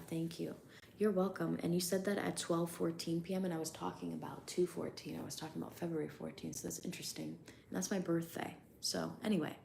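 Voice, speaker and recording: Low, gravelly-voiced woman tarot reader. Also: slight background noise. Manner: chatty and animated, casual swearing. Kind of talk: casual livestream tarot reading.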